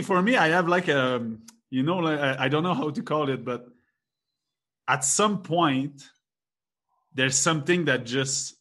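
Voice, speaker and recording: A man's voice: on the high side, a bit bright. Chatty young man. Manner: rambling, laughs often, many restarts. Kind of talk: casual chat.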